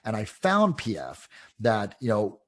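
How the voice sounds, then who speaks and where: A man, a real estate coach, telling casual, animated stories in an interview, full of fillers. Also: lowish voice, a little slow. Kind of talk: interview storytelling.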